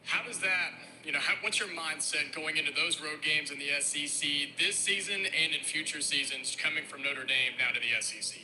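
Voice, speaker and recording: A man's voice: on the high side, a little fast, hardly any pauses, sharp tone, poor audio. A man, a sports radio reporter, asking a long, winding question at a press conference.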